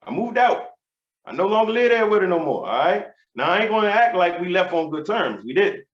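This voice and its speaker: A man in his thirties doing a stand-up routine, telling stories in an animated, profane, swaggering way. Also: high-pitched, fairly quick. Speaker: stand-up comedian. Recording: roomy, dull sound.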